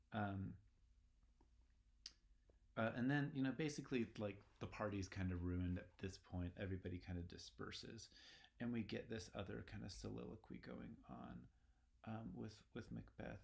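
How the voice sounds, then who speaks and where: A man's voice: fairly low pitch, creaky, darkish tone. A man giving a casual literature lecture, talking in a rambling, conversational way with many fillers. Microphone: recorded lecture video.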